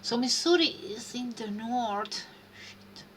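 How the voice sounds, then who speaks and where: Lady streaming a game, thinks out loud, slow and hesitant, kinda sharp bright tone. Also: on the high side, a little hiss or hum. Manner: thinking aloud, hesitant muttering. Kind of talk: live-stream gameplay commentary.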